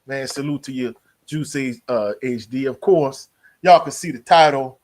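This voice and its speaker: A man hosts a live college sports stream with a relaxed, easygoing delivery. His speech is loose and slangy, and he keeps calling out to viewers in the chat. His voice sits at an ordinary mid pitch. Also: normal speed. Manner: laid-back, slangy, greets chat members. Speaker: sports livestream host. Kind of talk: casual live sports talk.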